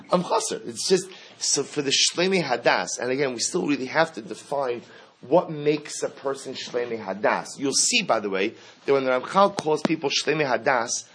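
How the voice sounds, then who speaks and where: A man with a slightly husky, mid-range voice leads an early-morning study class. He reads lines of text aloud, then unpacks them in English with plenty of restarts and questions to his listeners. The delivery is earnest and conversational. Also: mid-range voice, fairly bright tone. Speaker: Torah teacher.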